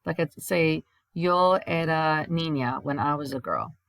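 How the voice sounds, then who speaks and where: A woman with a low voice talks through a recorded grammar lesson, explaining each step and reading example sentences aloud before translating them. The sound is dry and close to the mic, with no room around it. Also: unhurried, vocal fry, a bit bright, no room sound. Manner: explains step by step, reads examples in Spanish then English. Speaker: Spanish teacher.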